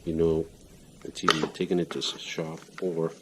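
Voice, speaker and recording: A middle-aged man with a very low voice explains a motorcycle repair step by step while he works. He is breathing hard the whole time, and his speech stays plain and practical. The home garage recording has a lot of noise behind him. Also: little pitch movement, normal speed. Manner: plain-spoken, talks while working with his hands. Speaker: home mechanic. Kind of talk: casual how-to demonstration.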